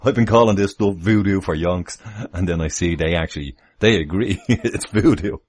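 A man hosts a casual livestream from home. His voice sits extremely low, with a husky, breathy edge. He rambles through asides and chuckles often as he talks. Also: normal speed, darkish tone. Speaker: livestream host. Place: home, near the kitchen.

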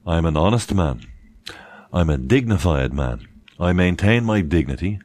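A man's voice: low voice, darkish tone, no echo. A man talking through legal advice in a casual, emphatic monologue, repeating points and adding mocking asides. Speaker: presenter giving legal advice.

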